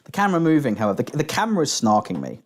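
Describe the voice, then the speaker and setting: A man's voice: medium pitch, huge pitch swings, rapid-fire. A man streaming live, chatting casually and swearing while reading chat aloud. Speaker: streamer reacting to clips.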